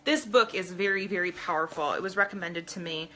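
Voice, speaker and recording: Her voice sits on the low side, a little fast, pushed and bright. She hosts a casual live stream, reading from a book and speaking earnestly and directly to her viewers.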